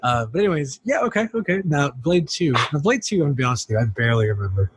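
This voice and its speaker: A man's voice: a little high, sing-song, quick pace, husky, no echo. A man co-hosting a podcast, chatting casually and joking, often laughing and acting out little scenes. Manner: jokey, laughs often, acts out bits. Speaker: podcast co-host. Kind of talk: casual chat.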